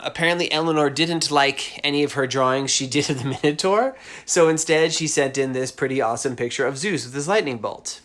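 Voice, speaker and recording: Chatty, fairly high-voiced man. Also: a bit bright. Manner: rambling, enthusiastic, lots of asides. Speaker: cartoonist hosting a live drawing stream. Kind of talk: casual livestream chat. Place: at home.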